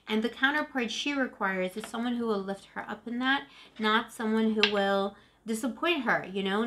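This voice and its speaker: A woman's voice: medium pitch, noisy background. A woman in her forties doing a casual tarot reading to camera, chatty and emotive, often calling the viewer "boo-boo". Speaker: tarot reader.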